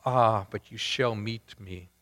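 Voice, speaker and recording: A man voicing a great noble lion, speaking low, soft and solemn in a reverberant hall. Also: takes it slowly. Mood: tender. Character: Aslan, great noble male lion, gentle and wise.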